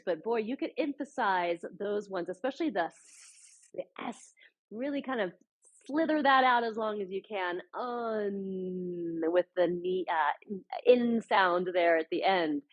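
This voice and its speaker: A woman leading a guided chair yoga class as an adaptive yoga instructor, giving gentle, encouraging cues with frequent fillers. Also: mid-range voice, lo-fi sound.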